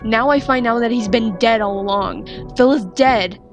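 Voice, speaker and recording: A woman's voice: on the high side, normal speed, over music, natural voice. A woman reading a fan story aloud, voicing a grieving, furious young man whose shaky voice keeps breaking. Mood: grief-stricken anger.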